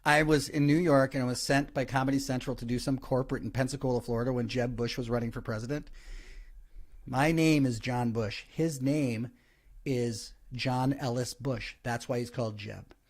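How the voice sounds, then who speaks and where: A man, a comedian guest on a podcast, telling stories in an animated way, with frequent restarts. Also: medium pitch, normal speed. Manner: animated storytelling, many restarts. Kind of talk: casual podcast chat.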